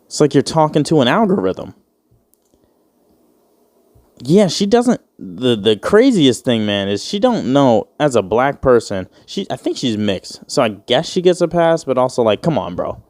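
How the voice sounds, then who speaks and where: A man's voice: medium pitch, very animated, measured pace, darkish tone, no echo. A man in his twenties hosting a casual solo podcast, rambling and joking with plenty of swearing. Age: 20s. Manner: rambling, profane, joking, acts out quoted voices. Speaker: podcast host.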